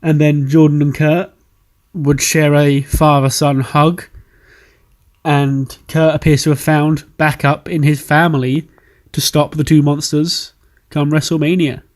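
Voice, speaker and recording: A man's voice: a little high, level tone, a little slow. A man narrating a game playthrough in a casual, chatty, offhand recap. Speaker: game commentator.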